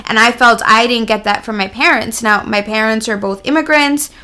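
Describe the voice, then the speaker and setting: A woman's voice: fairly high pitch, normal speed, pushed and bright. A woman guest in an interview, candidly telling a personal story in an earnest, reflective way and laughing lightly mid-sentence.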